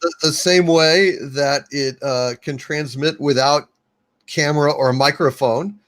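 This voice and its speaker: A man's voice: fairly high pitch, steady tone, a little slow, a bit bright. A man co-hosting a casual podcast movie review, talking in a sarcastic, mocking way. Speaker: show co-host.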